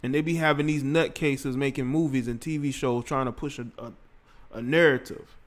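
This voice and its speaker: A man's voice: medium pitch, fairly even intonation, normal speed. A man hosting a casual livestream, rambling in slang and talking straight to his chat. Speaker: livestream host.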